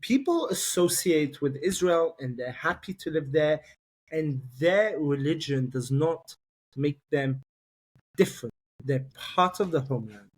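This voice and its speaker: A man from London, an army reservist guest, telling personal stories in a fast, halting way, repeating words and rising sharply when emphatic. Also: fairly high pitch, sing-song. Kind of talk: emotional personal storytelling.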